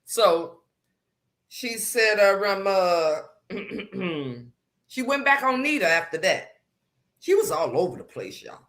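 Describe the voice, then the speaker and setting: A woman's voice: mid-range voice, very animated, takes it slowly, pauses often, a bit bright. Sassy gossiping woman host. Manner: sassy, gossipy, drawling commentary. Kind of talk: casual live-stream chat.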